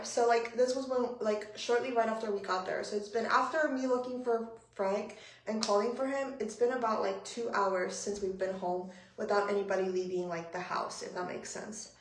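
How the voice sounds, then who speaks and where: A young woman vlogger telling a story to her live-stream viewers in an animated, profane, breathless way. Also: mid-range voice. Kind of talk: casual storytelling. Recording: roomy echo.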